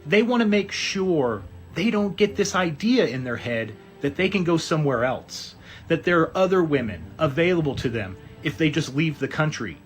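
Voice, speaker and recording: A man's voice: a little high, expressive, normal speed. A man narrating commentary, posing rhetorical questions. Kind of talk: voiceover commentary.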